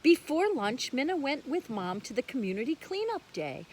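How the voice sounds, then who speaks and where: A woman reading a picture book aloud for a church children's lesson, slow and expressive, with soft quiet asides. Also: sits high, slight background noise, low-quality recording.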